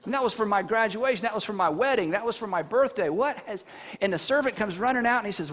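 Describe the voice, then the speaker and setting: Male pastor, high voice, lively storytelling sermon, quizzing the crowd; echo in a big hall. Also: fast talker. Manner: animated storytelling with rhetorical questions to the congregation. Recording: long reverb from a large hall.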